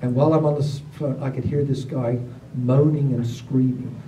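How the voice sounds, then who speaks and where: A man, telling stories to a gathering in a casual, animated way, acting out other people's lines. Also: mid-range voice, normal speed. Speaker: storyteller at a gathering. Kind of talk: casual spoken storytelling. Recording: roomy, distant mic, faint background noise.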